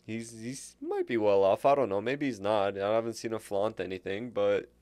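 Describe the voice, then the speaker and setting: A man with a smooth, resonant voice co-hosts a casual podcast and tells stories about customers, laughing often. The sound is dry and close to the mic. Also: fairly low pitch, very animated, normal speed, a little mellow, dry recording. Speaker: podcast co-host. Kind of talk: casual chat.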